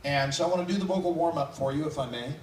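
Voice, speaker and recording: A man's voice: on the high side, very fast. A man speaking as a guest actor on a convention panel, joking playfully with the audience. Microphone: phone recording from the audience. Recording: echoey room, distant phone mic, noisy.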